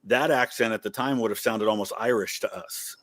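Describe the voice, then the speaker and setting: A man's voice: fairly low pitch, a little fast, fairly bright tone. A man from Ohio, a guest in casual chat, explaining his thoughts at length. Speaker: guest on a quiz.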